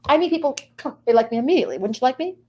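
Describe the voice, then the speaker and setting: Lively, fast-talking playful woman guest. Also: high voice, muffled recording, a little hiss or hum. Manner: chatty, playful, rambling with sing-song asides. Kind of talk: comic monologue in character of a sun sign.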